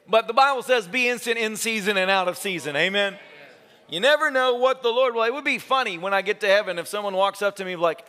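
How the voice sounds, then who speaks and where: A man's voice: high-pitched, fast, a little hiss or hum. A male pastor preaching a sermon, telling a story with jokes and acting out quotes. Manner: animated, joking, acts out quotes. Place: church sanctuary.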